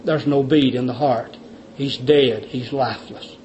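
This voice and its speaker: A male preacher giving a sermon in an emphatic, repetitive way, sometimes dropping to quiet intensity. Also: medium pitch, fairly even intonation, a little slow, slight background noise. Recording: dull lo-fi recording.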